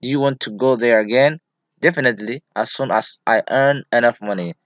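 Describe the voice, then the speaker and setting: A man with a Somali accent teaching English, reading each phrase slowly and then translating and explaining it. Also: medium pitch, fairly bright tone, no echo, dull audio. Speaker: language teacher.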